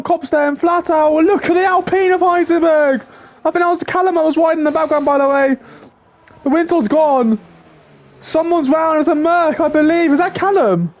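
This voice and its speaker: High-voiced man calling a race. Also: muffled recording. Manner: quick, excitable play-by-play with self-corrections. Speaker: race commentator. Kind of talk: excited sim racing commentary.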